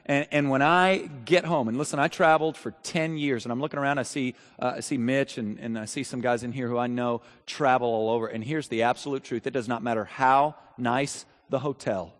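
A man preaching a sermon in a church, chatting with the crowd through rhetorical questions and building to loud shouted peaks. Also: fairly high pitch. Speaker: pastor. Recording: long reverb of a large hall.

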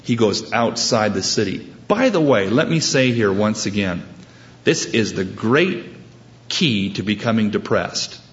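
A man's voice: fairly low pitch, very animated, unhurried, highs cut off. A man preaching a sermon, storytelling with humorous asides and acting out the people he quotes. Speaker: pastor.

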